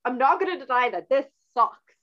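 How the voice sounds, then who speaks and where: A middle-aged woman hosting a casual talk show, telling stories in a chatty, animated way. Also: high-pitched, fairly quick. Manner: chatty, animated storytelling with laughs. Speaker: podcast host. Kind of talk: casual conversational interview. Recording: slightly dull lo-fi audio.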